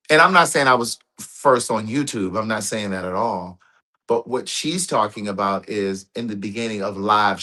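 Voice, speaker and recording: A man's voice: on the low side, fairly bright tone. A man chatting casually with his live-stream audience, telling a long personal story and quoting a friend's words. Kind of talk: casual chat.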